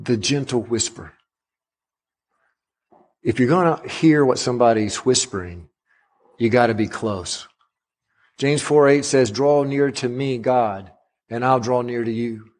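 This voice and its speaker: A man's voice: unhurried, long pauses. Impassioned middle-aged male preacher. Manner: rises in pitch and volume on emphatic runs, drops soft on quiet points. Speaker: guest pastor. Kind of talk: sermon.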